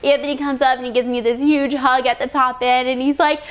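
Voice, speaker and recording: A young woman, a drag racing driver, telling an excited story in an interview, laughing often and restarting her sentences. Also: sits high, moderate pace, few pauses.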